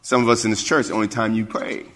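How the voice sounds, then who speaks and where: A man's voice: lowish voice, level tone, quick pace, a bit bright. A man, a pastor, preaching a sermon to his church, building to emphatic calls and asking the congregation if they hear him. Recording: long reverb of a large hall.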